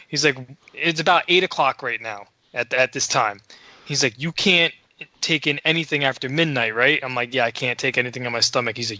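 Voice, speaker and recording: A man co-hosting a podcast, telling a story in casual chat, excitable and full of swearing. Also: mid-range voice, brisk, dry recording. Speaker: podcast co-host.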